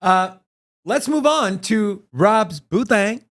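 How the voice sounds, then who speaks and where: A man's voice: high-pitched, lively intonation, slow pace, a bit bright. A man co-hosting a crypto livestream in casual chat, joking with his co-hosts and ranting heatedly about the news.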